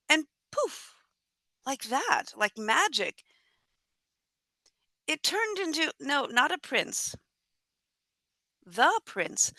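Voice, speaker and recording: A woman telling a tall tale at a live storytelling event, animated and acting out her own thoughts and dialogue. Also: a little high, no echo.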